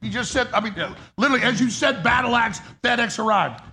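A middle-aged man hosting a live talk show, urgent and excitable, repeating himself as he talks. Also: very high-pitched, quick pace, vocal fry, slightly rough.

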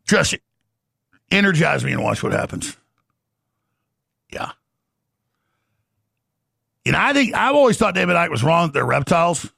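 A man hosting a talk show, delivering an excitable rapid-fire ranting monologue with frequent shouting. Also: on the high side, vocal fry, slightly rough, no room sound, clean studio sound.

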